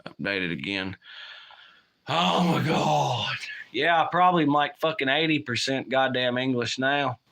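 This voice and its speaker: A man's voice: mid-range voice, animated, unhurried, vocal fry, a bit bright. A man hosting a casual livestream, rambling and swearing while he reads chat aloud. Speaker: livestream host.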